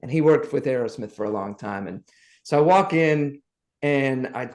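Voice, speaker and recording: A middle-aged man from the South, guesting on a podcast and telling his stories in a lively, animated way. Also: mid-range voice, normal speed. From Southern United States. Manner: lively anecdotes, acts out the people he quotes. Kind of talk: animated storytelling.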